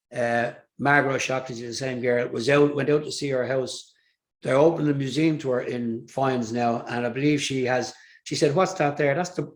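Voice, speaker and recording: An older man with an Irish accent, a singer telling rambling stories with fillers and restarts in an interview. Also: medium pitch. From Ireland. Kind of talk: casual storytelling interview.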